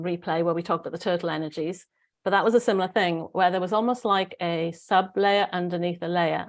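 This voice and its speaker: A woman with a Welsh accent hosting a casual spiritual group chat, rambling and restarting as she searches for words. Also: on the low side. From Wales. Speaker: host.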